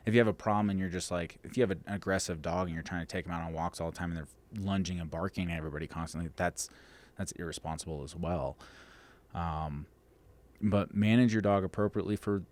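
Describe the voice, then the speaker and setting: A man talking as a dog trainer and podcast guest in casual chat, blunt and emphatic, swearing freely. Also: low voice.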